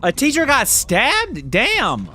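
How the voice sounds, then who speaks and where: A man's voice: wildly swooping pitch, takes it slowly. Young man swearing through a heated reaction. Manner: profane, heated and emphatic, swings between loud outbursts and low muttering. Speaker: reaction video creator. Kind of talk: casual reaction commentary.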